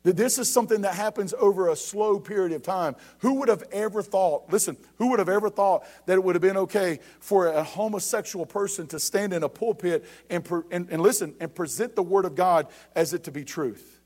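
Male pastor, high-pitched, fervent sermon delivery with frequent call-outs to the congregation. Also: a little fast, darkish tone. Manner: preaching with rising emphasis and repeated calls of "you ready?".

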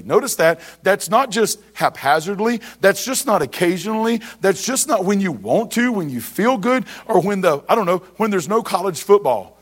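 High-voiced man preaching a sermon. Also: animated, normal speed, few pauses, slightly rough. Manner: preaching with rising emphasis, asides and rhetorical questions. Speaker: pastor.

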